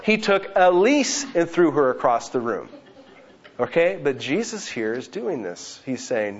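A man in his thirties preaching a sermon, earnest and with lively asides. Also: on the high side, unhurried. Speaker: pastor. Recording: slightly dull lo-fi sound.

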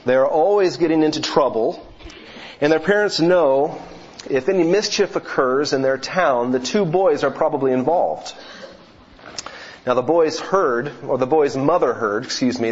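A man with a slightly rough voice on the high side preaches a sermon, telling a joke as a story before turning to scripture. He occasionally corrects himself, and the recording is dull and lo-fi.

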